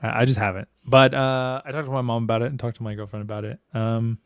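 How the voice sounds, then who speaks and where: Smooth-voiced man in candid podcast chat. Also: mid-range voice, flat delivery, quick pace, no echo, lo-fi sound. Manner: candid, swears freely, slangy. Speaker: podcast co-host.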